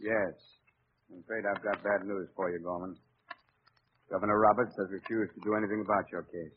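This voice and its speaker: An actor playing a grave prison warden with a solemn, low delivery in 1930s radio acting, on a tinny old radio recording with hiss. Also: male voice, fairly even intonation, brisk, lightly acted.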